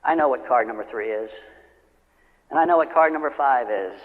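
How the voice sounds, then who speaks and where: A motivational speaker tells stories to a live audience in a large hall, acting out the customers and friends he quotes. He speaks at medium pitch and normal speed. It's an old lo-fi recording made in a reverberant hall.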